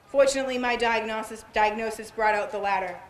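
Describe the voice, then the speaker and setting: Woman, cancer patient, earnest prepared speech, somewhat high voice, echoey sound. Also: quick pace. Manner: earnest, determined reading. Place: outdoor event.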